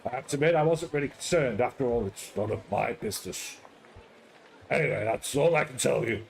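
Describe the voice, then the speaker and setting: A man's voice: mid-range voice, brisk, vocal fry, a little hiss or hum, natural voice, low-quality recording. A man voicing a pedantic, salesy old male bookseller in a game read-aloud, with a prim, lecturing delivery.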